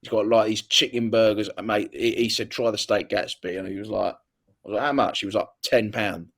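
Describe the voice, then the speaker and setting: A man's voice: fairly low pitch, little pitch movement, fairly quick, creaky, a bit bright. A young man, a guest chatting casually in an interview, stumbling over repeated words and swearing freely.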